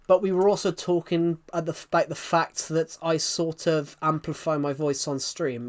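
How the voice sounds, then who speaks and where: A man's voice: on the high side, little pitch movement. Upbeat British man chatting on a live stream. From United Kingdom. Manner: puts on a louder, happier voice for the stream; rambling, chatty, quick to apologize. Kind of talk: casual live-stream chat with viewers.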